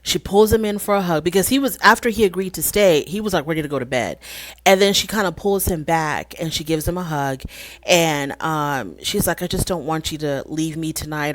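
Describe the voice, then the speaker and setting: Woman host recapping episodes, opinionated, slightly low voice, dry close mic. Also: no echo. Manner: opinionated, animated retelling with quoted dialogue. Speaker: reality show recapper. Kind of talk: casual recap commentary.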